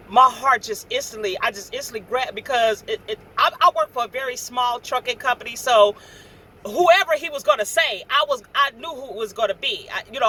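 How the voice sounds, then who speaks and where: A middle-aged woman truck driver telling a story casually, animated and chatty, acting out what people said. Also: fairly high pitch. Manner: chatty, animated, acts out quoted dialogue.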